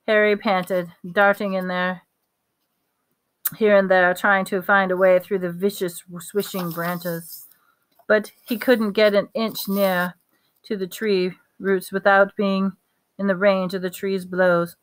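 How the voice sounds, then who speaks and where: A woman reading a storybook aloud, halting often to correct herself. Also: mid-range voice, level tone, clean tone. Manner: halting, stumbles and self-corrections. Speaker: reader.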